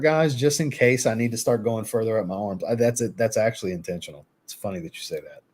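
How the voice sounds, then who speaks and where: Casual male live-streamer, low-ish voice, easygoing and chatty, reacts to chat. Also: fast, hardly any pauses, darkish tone. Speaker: fragrance reviewer hosting a live stream.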